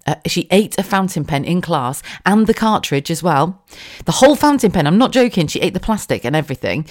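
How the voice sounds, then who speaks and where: A woman, chatting casually on her own podcast from a room at home, laughing often and swearing now and then. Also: low voice. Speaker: podcast host. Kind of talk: casual solo podcast chat. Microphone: studio mic with a damaged foam windscreen.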